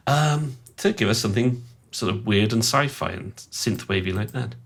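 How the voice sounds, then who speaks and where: A man walks through his synth patches in a loose, chatty way and pokes fun at himself as he goes. His voice sits on the low side and has a gravelly edge. His pitch swings widely from phrase to phrase. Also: lively intonation, moderate pace. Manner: chatty, rambling and self-mocking. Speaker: sound designer presenting his synth patches. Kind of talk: casual software walkthrough.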